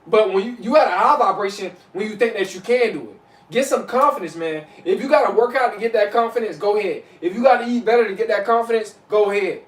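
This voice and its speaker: Calling his viewers y'all, a male vlogger with a high voice delivers fast, casual, preachy motivation to camera, looping back over his points and checking in with "you know what I'm saying" again and again. He's recorded from a distance, a little back from the mic, and the room adds a hollow echo.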